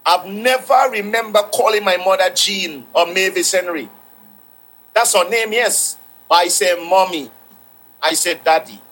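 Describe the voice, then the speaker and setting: A man's voice: high voice, normal speed, bright, forceful tone, rough recording. A man preaching a sermon, repeating phrases for emphasis and quoting scripture.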